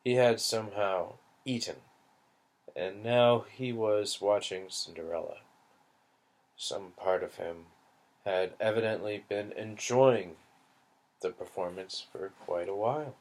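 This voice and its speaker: A man reading a novel aloud, unhurried and deliberate. His voice sits fairly low, and he lets each phrase land before moving on. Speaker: audiobook reader.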